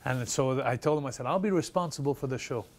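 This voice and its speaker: A Canadian man, a retired pro wrestler, telling stories in an animated interview and acting out the people he quotes. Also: mid-range voice, fast. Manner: excited, laughing storyteller who acts out quotes.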